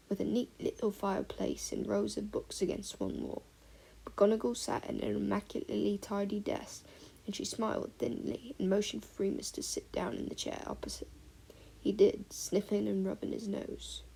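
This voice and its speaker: A woman reading a fan-fiction audiobook aloud, expressive storytelling with soft breathy passages. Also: medium pitch, moderate pace, rough recording. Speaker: audiobook reader.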